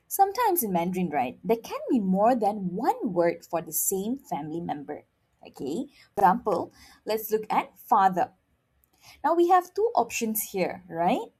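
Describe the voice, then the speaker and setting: A woman's voice: medium pitch, a little mellow, husky. A woman teaching a playful beginner Mandarin lesson and drilling words by repeating them. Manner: upbeat, drills words with rising repetition.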